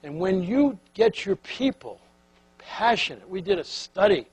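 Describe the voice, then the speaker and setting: A man with a husky, slightly raised voice tells a leadership story in a folksy, anecdotal way. He keeps turning to the audience with questions as he goes. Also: high voice, animated, a little slow, dry recording, rough recording. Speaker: keynote speaker. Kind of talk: storytelling speech.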